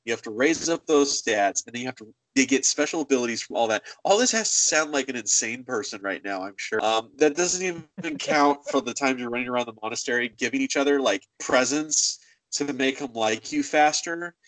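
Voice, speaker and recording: A man in casual conversation about a video game, talking with animated energy and slipping into voices for characters. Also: medium pitch, a little fast, dry recording, rough recording. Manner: animated, acts out game dialogue in funny voices. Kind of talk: casual gaming chat.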